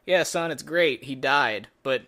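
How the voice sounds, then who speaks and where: Man doing a gloating middle-aged dad, smug, bright voice, a bit louder. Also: mid-range voice, unhurried.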